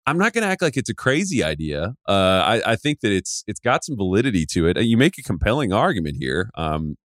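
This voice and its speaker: A man's voice: fairly low pitch, sing-song, quick pace, a bit bright, dry recording, clean studio sound. A man guesting on a sports podcast, talking in a hesitant, wry way with lots of hedging. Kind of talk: casual sports podcast chat.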